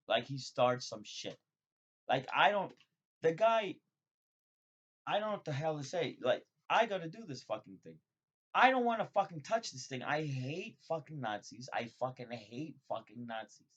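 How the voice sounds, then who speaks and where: A man vlogging in a rambling, profane monologue that jumps suddenly between loud excited bursts and low mutters. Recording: dull lo-fi sound.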